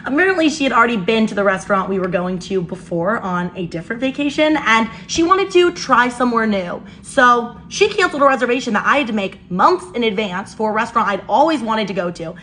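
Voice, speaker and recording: A young woman in her twenties vlogging, telling an exasperated story in an animated way while doing her makeup. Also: a little high, a little fast, few pauses, slight background noise.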